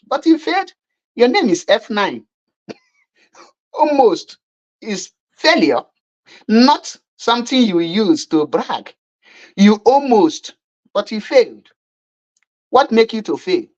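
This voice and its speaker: A woman's voice: medium pitch, lo-fi sound. A woman with a Nigerian accent giving mocking online commentary, scornful and repetitive. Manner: scornful, repetitive, laughing at her opponents.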